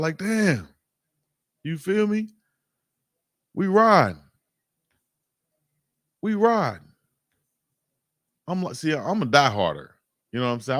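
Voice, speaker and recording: Animated male sports livestream host. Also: medium pitch, no room sound, studio quality. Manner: animated, emphatic, repeats phrases, slangy. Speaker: live-stream sports show host. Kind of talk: casual livestream commentary.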